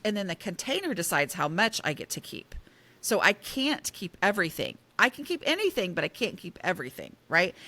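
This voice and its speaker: A woman talking casually in an interview, with a bright, forward voice. She speaks animatedly and pokes fun at herself, leaning hard on the words she wants to land. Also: mid-range voice. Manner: animated, self-deprecating, emphatic. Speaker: guest author on decluttering.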